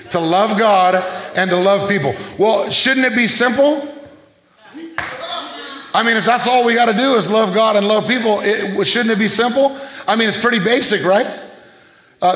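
High-voiced preaching man in an echoey room. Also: a bit bright. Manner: call-and-response preaching, rhetorical questions. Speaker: pastor. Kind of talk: sermon.

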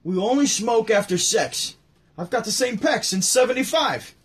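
A nervous, wisecracking older comedian fires off one-liners, setup then punch, as a man impersonates him. The voice sits fairly high with a husky edge. It's a stand-up routine impression delivered at a brisk, jokey clip. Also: animated, full character voice.

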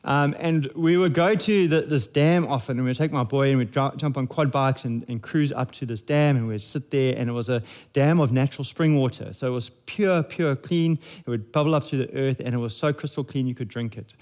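A man's voice: medium pitch, fairly quick, a little mellow. A man, preaching a sermon in a conversational, jokey way with frequent restarts. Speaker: pastor.

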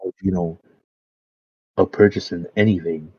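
A man's voice: sits low, steady tone, moderate pace, breathy edge, no room sound. A man as a podcast guest in casual chat, laid-back and saying "bro" constantly. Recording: dull dry lo-fi sound.

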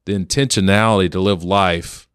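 A man co-hosting a podcast, relaxed and anecdotal, telling a story and acting out what people said. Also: deep voice, normal speed, smooth, dry recording, clean studio sound. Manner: relaxed, anecdotal, acts out quotes. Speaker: podcast co-host. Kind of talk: casual storytelling.

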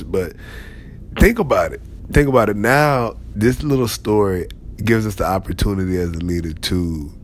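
A man's voice: low-pitched, a little hiss or hum. A man giving a conversational motivational talk to leaders, emphatic and repeating key phrases. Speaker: motivational speaker.

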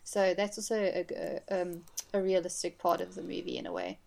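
A woman's voice: lowish voice, little pitch movement, brisk, creaky, a little mellow. A woman co-hosting a podcast, talking casually and laughing about a film, swearing and apologizing. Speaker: podcast co-host.

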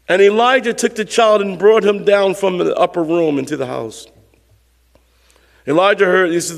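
A man's voice: high voice, lively intonation, moderate pace, gravelly, long reverb tail. A male pastor preaching a sermon with emphatic, repetitive phrasing and call-and-response to the congregation.

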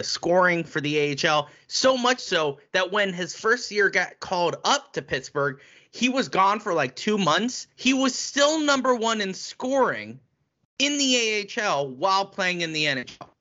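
Lively, animated man co-hosting. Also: high-pitched, normal speed, dull audio. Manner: animated, teasing banter. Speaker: podcast co-host. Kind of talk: casual sports chat.

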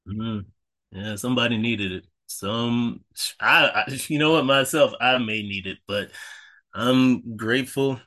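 Speaking on the low side with a slightly bright quality, this man co-hosts a podcast. He offers listeners faith-based encouragement in a relaxed, sincere way, peppered with fillers and frequent self-corrections.

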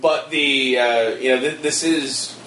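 A man's voice: mid-range voice, steady tone, slow, bright, forceful tone. A man co-hosting a podcast in casual chat, blunt and profane, full of fillers. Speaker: podcast co-host. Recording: roomy echo, distant mic, faint hiss.

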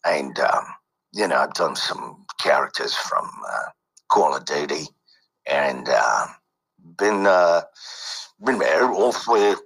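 A man's voice: rumbling low, lively intonation, takes it slowly, gravelly, long pauses, a bit bright, slightly rough, poor audio. A man who works as a voice actor and coach, talking casually in an interview with many fillers and restarts.

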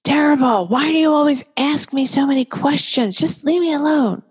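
A woman's voice: high voice, moderate pace, voice pushed up, close to an everyday voice. A woman voicing a moody teenage child who complains in an irritated, whiny way, with a long echo around the voice. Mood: sulky.

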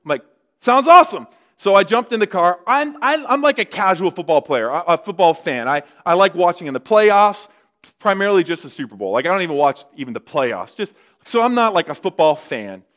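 A middle-aged man preaching a sermon as pastor, telling stories in an animated way. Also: sits high, brisk. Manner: animated storytelling, rises excitedly.

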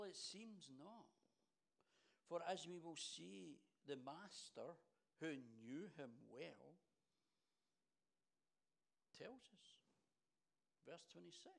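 A man preaching a sermon, his voice gravelly and pitched a little high. He speaks with animated energy, stumbling over repeated words as he warms to his point.

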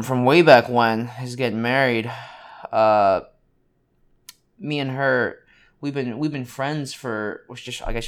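A man's voice: mid-range voice, clean tone. Rambling man in his thirties, podcast co-host. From United States. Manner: rambling, with many ums and restarts. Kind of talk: casual chat.

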